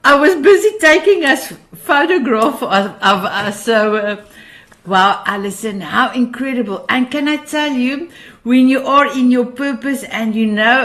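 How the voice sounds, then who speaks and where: A woman's voice: fairly high pitch, fairly bright tone. A woman hosting a panel show, effusive and encouraging toward her guests. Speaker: show host.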